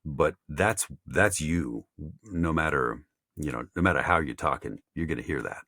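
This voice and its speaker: A man mentoring voice actors in a casual chat, halting with many fillers and restarts. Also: very deep voice, lively intonation, vocal fry, sharp tone, no echo, clean studio sound. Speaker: voice acting mentor.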